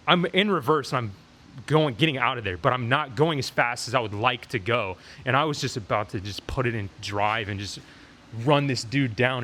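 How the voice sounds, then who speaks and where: A young man talks straight to his audience in a storytime vlog. He is animated and loose, packing his telling with fillers. His voice sits at a middle pitch and comes through a shirt-clipped lapel mic. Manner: animated retelling with frequent fillers. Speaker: vlogger.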